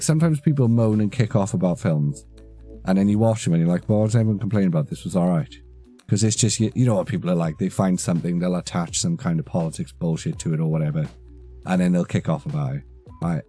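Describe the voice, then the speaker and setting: A man in his thirties chats on a live stream, rambling and swearing as he goes. His voice sits low and mellow, and faint music plays behind him. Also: slightly rough. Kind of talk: casual live-stream chat.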